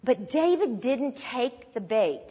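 A woman teaching a sermon on a psalm, expressive and lively, acting out quoted lines. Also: on the high side, takes it slowly, breathy edge, big-room sound. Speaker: Bible teacher.

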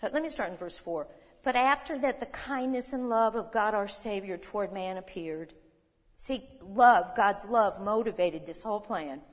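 A woman's voice: medium pitch, normal speed. Woman preaching in a reverberant hall. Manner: teaching, reading scripture aloud, asking the audience questions. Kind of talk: sermon.

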